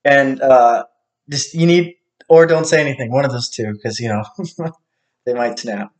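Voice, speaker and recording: A man in a casual monologue, ranting with lots of swearing, swinging between low mutters and sudden outbursts. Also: a little slow. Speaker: vlogger.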